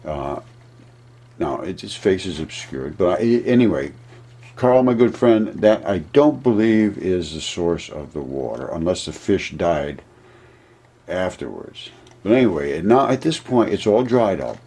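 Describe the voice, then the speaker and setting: Husky low-voiced man rambling excitedly. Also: a little slow. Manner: rambling, excitable, laughs at own ideas. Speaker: video presenter. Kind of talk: casual explanatory monologue over a map.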